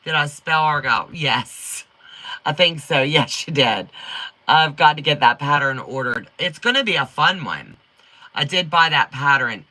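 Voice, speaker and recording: A middle-aged woman hosting a quilting livestream, chatting in a folksy way with a strong accent, talking fast and reading viewer comments. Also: deep voice, lively intonation. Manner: upbeat and warm toward viewers.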